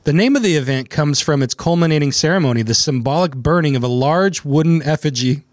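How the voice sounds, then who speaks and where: A man's voice: fairly high pitch, expressive, brisk, no echo. A man hosting a legal talk show in a studio, chatting casually and sarcastically, laughing at his own story. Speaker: attorney and podcast host. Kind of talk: casual chat. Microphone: studio microphone.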